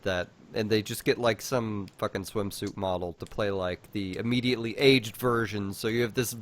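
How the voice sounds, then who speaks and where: This podcast co-host keeps things relaxed, swearing casually and laughing easily as he chats. He has a fairly low voice with fairly even intonation and speaks at a moderate pace. Slight background noise can be heard.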